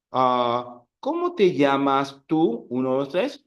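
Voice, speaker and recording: A man's voice: medium pitch, very animated, slow pace, muffled recording. A man teaching a Spanish class, explaining grammar and leading drills, with many fillers and restarts. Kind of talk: classroom language lesson.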